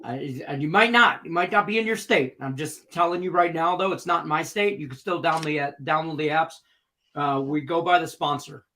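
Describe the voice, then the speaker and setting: A man's voice: on the high side, normal speed, pushed and bright. A man co-hosting a sports betting live stream, explaining betting lines plainly and repeating words as he talks. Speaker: co-host. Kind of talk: casual live-stream chat.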